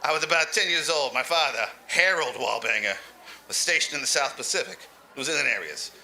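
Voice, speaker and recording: A man's voice: mid-range voice, lively intonation, a little fast, pushed and bright, slight background noise, rough recording. A man telling a crude, rambling comic story as an old lounge comedian, laughing through his own jokes. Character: lounge comedian claiming eighty-five years.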